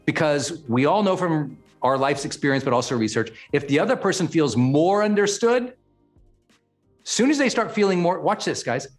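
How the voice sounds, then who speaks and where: A man hosting a motivational podcast and teaching as a coach. He speaks emphatically, repeats key words and often checks in with "right?". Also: fairly high pitch.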